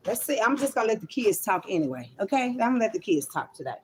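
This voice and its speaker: A woman's voice: fairly high pitch, very animated, fairly quick, a little mellow, a little hiss or hum. A woman rambles to her online viewers in a loose, unscripted monologue. She is blunt and swears freely, calling her listeners child and honey as she talks. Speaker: online spiritual reader. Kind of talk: casual livestream monologue.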